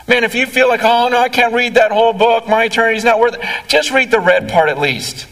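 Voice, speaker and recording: A man's voice: high voice, big pitch swings, brisk, vocal fry, bright, forceful tone, distant mic, poor audio. A man preaching an impassioned sermon as a pastor, pleading with his listeners.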